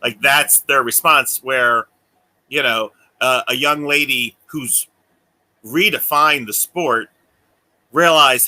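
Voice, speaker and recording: Bright-voiced rambling man. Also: medium pitch, takes it slowly. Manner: rambling, often laughs and acts out quoted voices. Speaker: podcast co-host. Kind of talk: casual chat.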